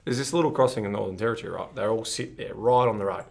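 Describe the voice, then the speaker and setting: An Australian man co-hosting a podcast, playful and quick with broad slang in casual chat. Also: on the low side, creaky. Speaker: podcast co-host.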